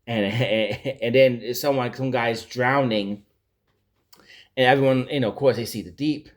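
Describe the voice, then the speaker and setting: A male vlogger casually recapping a TV series, rambling and animated, often searching for words. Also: mid-range voice, unhurried. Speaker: pop culture vlogger.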